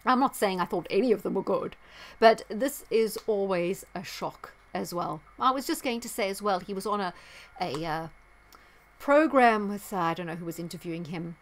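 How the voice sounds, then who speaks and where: A woman's voice: medium pitch, expressive, moderate pace. Indignant woman vlogger, sarcastic and emphatic, mid-range voice. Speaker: astrology vlogger. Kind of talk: sarcastic commentary vlog.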